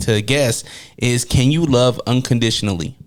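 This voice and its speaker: A man's voice: medium pitch, normal speed. A man hosting a podcast, asking questions in an easygoing way and joking along with his guest. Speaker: podcast host. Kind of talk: casual interview chat.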